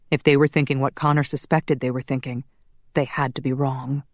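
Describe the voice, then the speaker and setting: A woman narrating a paranormal romance audiobook in a measured, steady way. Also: low-pitched, no echo, studio quality.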